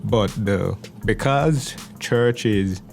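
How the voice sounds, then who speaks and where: A man, a pastor answering interview questions in an earnest, steady way. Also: lowish voice, drawn-out words, creaky, faint music behind. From Belize. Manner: earnest, steady, repeats small words as he thinks. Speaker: pastor, podcast guest. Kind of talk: measured conversational interview answers.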